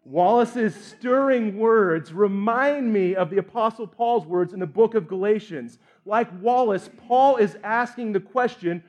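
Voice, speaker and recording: A man's voice: high voice, a little slow, few pauses, darkish tone, lo-fi sound. A man pastor preaching a sermon in an earnest, candid way with light humor.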